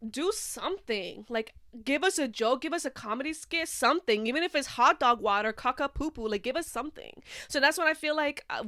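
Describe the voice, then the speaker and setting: A woman's voice: high voice, sharp tone, no echo, clean studio sound. A young woman hosting a casual podcast, talking in a chatty, rambling way with lots of "like". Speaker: podcast host.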